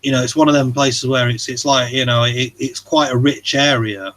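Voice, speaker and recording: A man's voice: medium pitch, steady tone, normal speed, a bit bright, low-quality recording. Rambling man on a livestream. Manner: rambling and hesitant, full of fillers and swearing. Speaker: livestream host. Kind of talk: casual chat.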